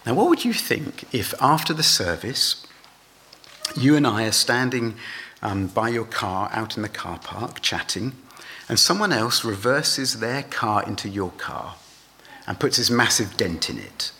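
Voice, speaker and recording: A man's voice: fairly low pitch, very animated, a little slow, bright, forceful tone, slight background noise. A man preaching a sermon, asking his listeners rhetorical questions.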